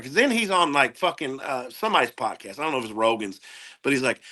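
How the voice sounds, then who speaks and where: A man guesting on a podcast, telling profane, animated stories and doing quick impressions of people in casual chat. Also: fairly high pitch. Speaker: guest comedian.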